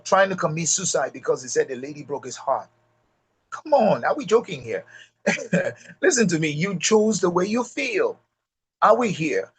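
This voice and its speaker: A middle-aged Nigerian-accented man delivers a motivational leadership talk with a slightly husky, breathy voice set a little high for a man. He drives his points home by repeating them and calling out directly to the listeners. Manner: emphatic, repeats key lines, addresses audience directly. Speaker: leadership speaker.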